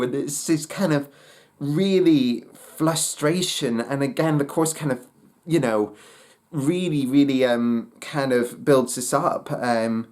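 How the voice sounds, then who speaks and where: A man talks through an album review in an unhurried, halting way. He keeps stopping to search for words, with many fillers and restarts. His pitch sits in an ordinary middle range. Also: darkish tone. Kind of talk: casual spoken album review.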